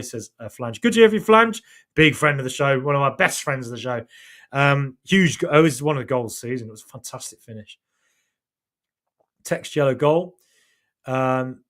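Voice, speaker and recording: A man's voice: a little high, fairly bright tone. Chatty man hosting a fan podcast. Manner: chatty, thanks viewers, many fillers and restarts. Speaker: podcast host reading live chat. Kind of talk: casual live-stream chat.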